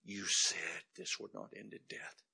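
A man preaching a sermon as pastor, building from quiet reflection to shouted climaxes in a rhythmic, repetitive cadence. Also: lowish voice, fairly even intonation, a little slow, vocal fry, husky.

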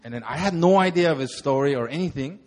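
A young man, a pastor, telling a lively sermon testimony and acting out the moments in his story. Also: a little high, fast. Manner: animated storytelling, acts out shouts.

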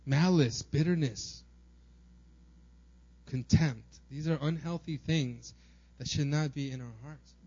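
Taking it slowly with long pauses, a pastor preaches in a warm, husky, slightly high voice, captured with lo-fi sound. He keeps things casual, often adding "right?" and muttering small acted quotes from everyday life.

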